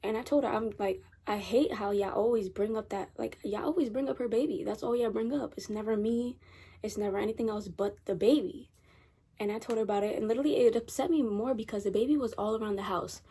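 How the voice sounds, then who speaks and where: A teenage girl tells a long story in a casual, rambling vlog from her bedroom late at night, circling back over the same points. Her voice is a little husky and mellow, sitting slightly high for a woman. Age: teens. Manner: chatty, rambling, repeats herself. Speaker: vlogger.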